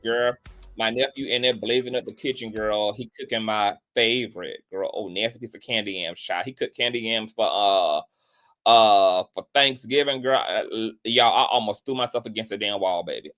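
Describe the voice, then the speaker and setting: A man hosting a casual livestream chat, sassy and flamboyant, greeting viewers by name in long drawn-out calls and calling everyone "girl" and "child". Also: mid-range voice, fairly bright tone. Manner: peppers talk with "girl" and "child". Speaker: livestream host.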